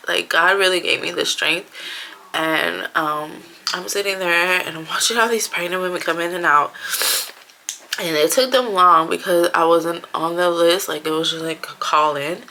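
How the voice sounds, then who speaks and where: Chatty woman vlogger with a bright voice. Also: on the low side. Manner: chatty storytelling, acting out quotes. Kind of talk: casual personal vlog.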